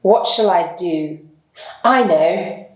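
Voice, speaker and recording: A woman voicing a calm, self-assured male detective in a measured, assured way. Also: on the low side. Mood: amused. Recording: echoey room.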